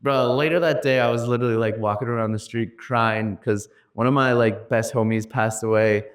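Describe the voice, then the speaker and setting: A man, a startup founder guest telling animated, slang-heavy stories on a podcast. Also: mid-range voice, a little fast, clear, resonant tone. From USA. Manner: slangy, animated, laughing storyteller. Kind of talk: casual podcast storytelling.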